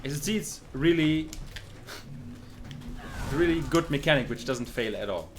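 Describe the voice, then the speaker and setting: A man's voice: on the high side, animated, a little slow, music in the background. Dry, sarcastic male speedrunner. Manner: dry, sarcastic, swears when frustrated. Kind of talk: live speedrun commentary.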